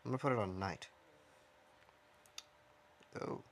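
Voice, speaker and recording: Man, lowish voice, gameplay commentary, self-mocking, rambling, talking to himself. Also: a little slow, a little hiss or hum. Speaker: gaming streamer. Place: his own dim room.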